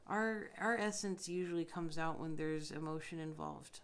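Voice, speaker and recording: A podcast host speaks bluntly and emphatically in a casual spiritual monologue, swearing frequently. She has a deep, clean-toned voice and a moderate pace.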